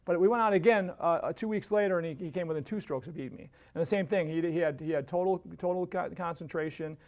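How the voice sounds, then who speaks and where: A man's voice: on the high side, fast, a little mellow. A man hosting a podcast, telling a casual story that rambles with many restarts and tag questions. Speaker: podcast host.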